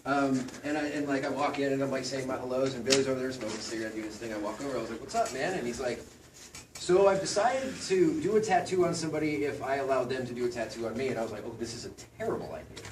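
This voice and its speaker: A man's voice: mid-range voice, fast talker. A man telling fond, chatty stories at a memorial gathering, laughing as he recalls a friend. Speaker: guest sharing memories. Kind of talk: casual anecdotes at a memorial. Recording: echoey room, far from the mic, background noise.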